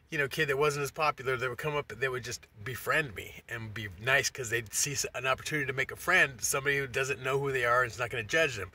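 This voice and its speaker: A man's voice: medium pitch, bright, forceful tone. A middle-aged man telling a rambling, profane story in a casual monologue, restarting his sentences often. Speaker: vlogger.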